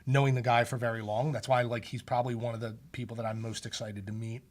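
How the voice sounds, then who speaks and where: Excitable rambling man chatting. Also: medium pitch, fast. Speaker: comic convention organizer. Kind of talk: casual chat.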